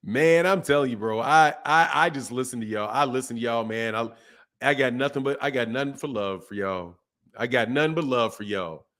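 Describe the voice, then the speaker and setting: A man's voice: mid-range voice, moderate pace, fairly bright tone. A man hosting a boxing talk stream, speaking bluntly and casually, repeating points for emphasis and reading from a live chat. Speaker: boxing channel host. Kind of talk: casual livestream commentary.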